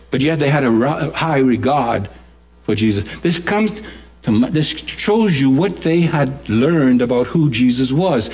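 A Bahamian man preaching a sermon, swinging his voice widely for drama and humor while he explains a scripture passage. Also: on the high side.

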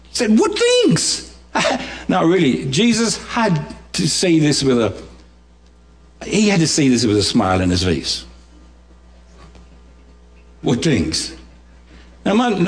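Animated Bahamian preacher with lively swings. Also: male voice, high-pitched. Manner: animated, dramatic voice swings and humor. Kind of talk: sermon.

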